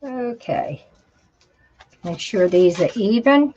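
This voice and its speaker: A woman talks her viewers through a craft project, unhurried and thinking aloud as she works. Her voice is mid-pitched, and the livestream audio sounds a little dull. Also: expressive, a little mellow. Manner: chatty, talks to herself while working, says "y'all". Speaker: craft instructor. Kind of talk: live crafting tutorial.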